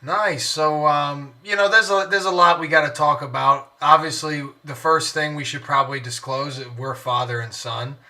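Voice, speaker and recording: A man's voice: a little high, fairly even intonation, normal speed, hardly any pauses, pushed and bright. Rambling young man hosting a podcast. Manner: rambling, joking, self-mocking. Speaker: podcast host. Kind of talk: casual podcast talk and ad reads.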